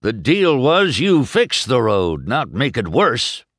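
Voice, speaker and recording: A man's voice: medium pitch, huge pitch swings, slow, fairly bright tone, no room sound, studio quality, pitched above the performer's own voice, heavily acted. A man voicing a stern older male car in a storybook read-aloud, curt and unimpressed.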